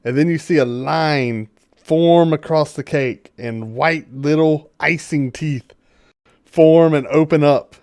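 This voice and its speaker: A man narrates a tabletop game for his players on a livestream. His voice sits a little high, and he takes his time, lingering over each detail of the scene. He is playful and quick to laugh. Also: a little mellow, smooth. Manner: playful descriptive storytelling, breaks into laughter. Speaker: game master.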